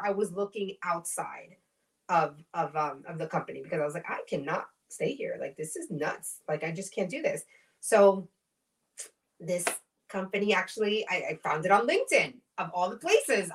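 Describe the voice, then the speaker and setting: A woman in casual podcast chat, telling lively stories and acting out what others said, swearing freely. Her voice sits at a middle pitch. She sounds a bit distant from the microphone. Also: normal speed. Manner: animated storytelling, acts out quoted voices, swears freely. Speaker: podcast co-host.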